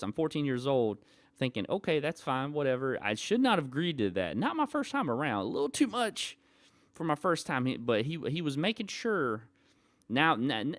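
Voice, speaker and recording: A man's voice: mid-range voice, no echo. A young adult man casually telling a personal story to his channel, rambling and laughing often.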